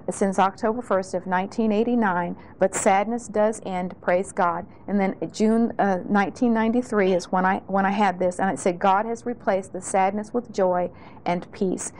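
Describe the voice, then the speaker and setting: A woman's voice: medium pitch, darkish tone, slight background noise, rough recording. A middle-aged woman giving an earnest, heartfelt spoken testimony in a sermon, often restarting her phrases. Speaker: speaker sharing testimony.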